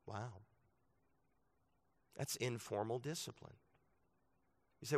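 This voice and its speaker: Male pastor preaching, mid-pitched, conversational to emphatic, long hall reverb. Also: slow pace, gravelly, long pauses. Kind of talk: sermon. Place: church sanctuary.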